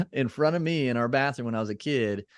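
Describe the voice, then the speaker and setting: A man's voice: mid-range voice, brisk, slight background noise. A man as a podcast guest in casual interview chat, reflective and loose, with many fillers and restarts.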